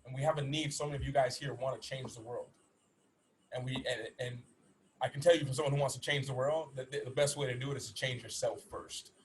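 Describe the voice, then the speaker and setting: Fast-talking earnest man telling his story. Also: medium pitch, fairly even intonation, slight background noise, rough recording. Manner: earnest, rapid, with many restarts. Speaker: motivational speaker and former athlete. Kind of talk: personal storytelling to an audience. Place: in Bali.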